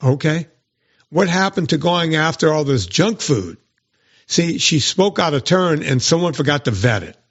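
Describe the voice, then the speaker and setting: A podcast host who is also a trainer tells stories in casual chat, acting out other people's words in mock voices. His voice is a little high at a moderate pace, and the recording is muffled.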